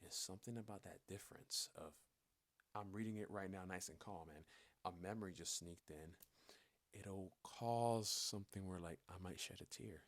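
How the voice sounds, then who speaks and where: A man's voice: low-pitched, normal speed. A man talking candidly in a personal vlog, rambling and swearing, with frequent stammering restarts. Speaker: vlogger.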